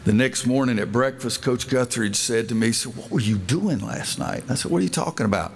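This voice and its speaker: A man's voice: mid-range voice, brisk, slight background noise. Older guy, basketball coach giving a speech on a mic, folksy storyteller, does the voices of everyone in the story. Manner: folksy storytelling, acting out quoted dialogue. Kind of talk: speech at a dedication event.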